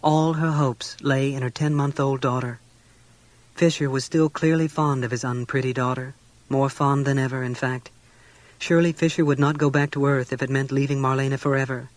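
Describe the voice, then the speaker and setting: Steady man reading a novel aloud. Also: medium pitch, moderate pace, no room sound. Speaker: audiobook reader.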